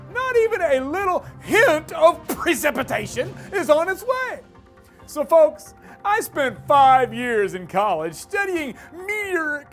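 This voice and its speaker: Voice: high-pitched, heavily acted. A performer playing a boastful, smug male TV weatherman in a comedy skit, chuckling and showing off as he talks. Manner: cocky, chuckling, showy.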